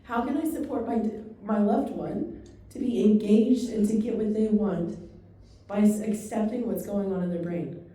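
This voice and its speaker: A woman training an audience on dementia care, speaking fast and animated with a dark, mellow tone. Her voice is heard from a distance in a very echoey room. She tells stories with quick asides. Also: medium pitch. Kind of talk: training talk to a live audience.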